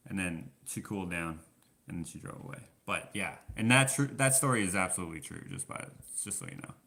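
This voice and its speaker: A man's voice: low voice, lively intonation, brisk, sharp tone. A man from Canada chatting casually in a question-and-answer vlog, telling rambling stories full of fillers. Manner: rambling storyteller, many fillers. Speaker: vlogger.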